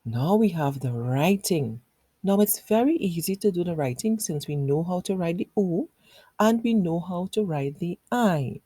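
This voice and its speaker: A woman's voice: fairly low pitch, expressive, normal speed, mellow, breathy edge, no echo. A woman in her thirties teaching a phonics lesson to young children in a patient, encouraging way.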